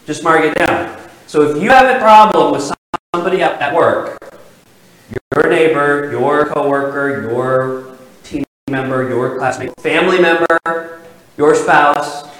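A man's voice: a little high, rough recording. A male pastor preaching a sermon, telling a personal story with acted-out dialogue. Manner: animated storytelling, acts out quoted dialogue.

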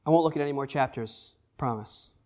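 A man preaching a sermon, animated and emphatic, repeating phrases and restarting words as he goes. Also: mid-range voice, fairly quick. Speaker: pastor.

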